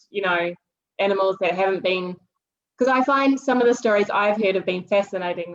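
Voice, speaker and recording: A woman's voice: medium pitch, dull audio. A woman hosting a conversational interview, prompting her guest in an easy, hesitant way. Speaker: host.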